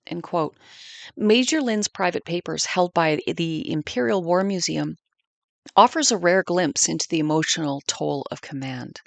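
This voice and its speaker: A woman's voice: lowish voice, normal speed, creaky, dry recording. A woman in her fifties narrating a family war history in an earnest, reflective way. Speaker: podcast narrator.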